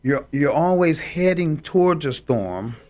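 A man's voice: a little high, animated, measured pace, a little mellow, lo-fi sound. A man co-hosting a Christian talk show, speaking in an emphatic, preacherly way and quoting scripture. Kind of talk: faith talk show discussion.

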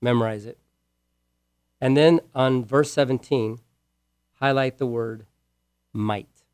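A man preaching a sermon with real emphasis, repeating his key words and moving between loud passages and hushed ones. He asks the listeners questions directly. His voice sits at a middle pitch, and the recording is dry with no room echo. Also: steady tone, takes it slowly, clear, resonant tone.

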